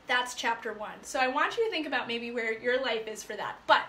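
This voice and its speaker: A woman life coach telling a personal story to her viewers in a chatty, animated way, full of fillers. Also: on the high side, a little fast, echoey room, slight background noise. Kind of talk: casual storytelling to live viewers.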